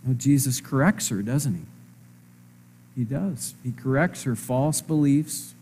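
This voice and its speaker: A man preaching a sermon in a conversational way, asking his listeners rhetorical questions and stressing words slowly. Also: mid-range voice, a little mellow, breathy edge. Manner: slow, emphatic phrasing.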